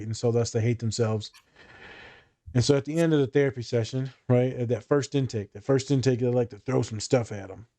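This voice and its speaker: Animated, cursing male therapist. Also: medium pitch. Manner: animated, profane storytelling with quoted voices. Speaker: therapist and podcast host. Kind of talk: casual podcast chat.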